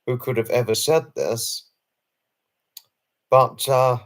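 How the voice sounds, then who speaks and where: A man's voice: mid-range voice, fairly even intonation, slow. A man hosting a late-night live stream and answering viewers' chat messages. He talks in an effusive, formal and earnest way, often repeating himself and apologizing. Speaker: livestream host.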